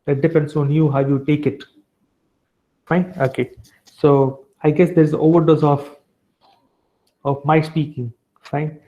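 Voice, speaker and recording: A man's voice: a little high, level tone, unhurried, pauses often. A man giving a revision lecture to a class, chatty and full of tag questions and fillers. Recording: dull lo-fi sound.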